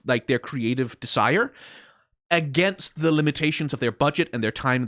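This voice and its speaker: A man talks through an anime episode in loose, profane commentary, circling back and restarting his sentences. His voice sits on the high side and swings widely in pitch. The sound is dry and close, with no room around it. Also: no room sound. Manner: animated, profane rambling with frequent restarts and laughs. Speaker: anime reaction host. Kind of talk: casual reaction commentary.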